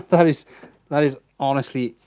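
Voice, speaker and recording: A man's voice: mid-range voice, unhurried, a little mellow, clear, resonant tone, no echo. A man giving casual commentary while he works on a car in a garage, muttering to himself with a wry, sarcastic tone. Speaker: home mechanic vlogger.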